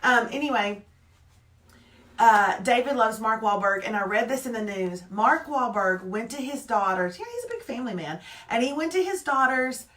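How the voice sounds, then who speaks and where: A woman's voice: a little high, lively intonation, normal speed, fairly bright tone, reverberant, far from the mic. A woman co-hosting a casual live morning show, chatting animatedly and reading out viewer comments. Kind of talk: casual live-stream chat.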